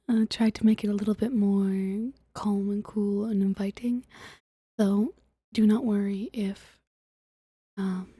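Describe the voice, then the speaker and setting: A young woman streaming, reading a book aloud in a soft, hesitant, whispered ASMR style. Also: mid-range voice, fairly even intonation, slow, pauses often, husky, no room sound.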